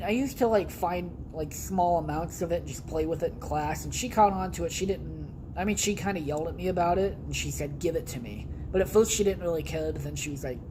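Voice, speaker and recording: A man's voice: on the high side, noisy background. A young man hosting a podcast from his home basement, telling rambling stories casually with blunt, heavy swearing. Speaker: podcast host. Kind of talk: casual storytelling monologue.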